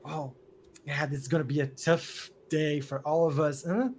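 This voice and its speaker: A man's voice: a little high, level tone, normal speed, darkish tone, close to an everyday voice. A bossy adult camp counselor, as a man puts him on snaps orders at the kids in a slightly raised voice. He turns into puzzled mumbling when things go wrong. There is a faint hum underneath.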